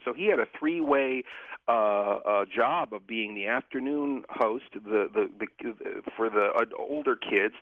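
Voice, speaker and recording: A man's voice: mid-range voice, no echo. Man, radio guest, enthusiastic, rambling, tinny phone line, dry. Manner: enthusiastic, rambling, many restarts. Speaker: guest expert on horror hosts. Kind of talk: radio interview.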